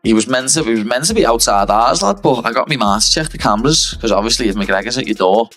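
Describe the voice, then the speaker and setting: A man's voice: mid-range voice, animated, quick pace, fairly bright tone, faint music behind. A man telling a story in casual, chatty interview talk. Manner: chatty storyteller, says lad a lot. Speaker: fighter interviewed. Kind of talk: casual chat.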